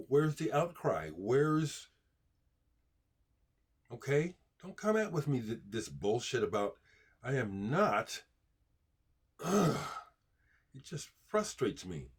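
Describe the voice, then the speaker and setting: A husky-voiced American man, a video host answering viewer comments, speaks to camera in an unscripted, heated monologue. His mid-range voice swings widely in pitch and moves slowly with frequent pauses, and his emphatic, frustrated rant keeps restarting.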